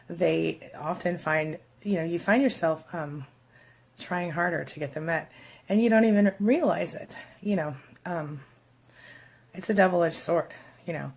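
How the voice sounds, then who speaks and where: A woman with a gravelly, husky voice hosts a casual advice vlog. She speaks straight to her viewers in a chatty way, full of fillers. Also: deep voice, darkish tone. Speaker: vlog host giving relationship advice. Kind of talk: casual talk to camera.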